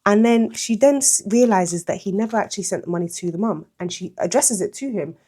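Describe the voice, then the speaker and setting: A young woman vlogger chatting through a storytime retelling while doing her makeup, animated and exclamatory. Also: medium pitch, fairly quick. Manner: animated, exclamatory, slangy commentary. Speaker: beauty vlogger.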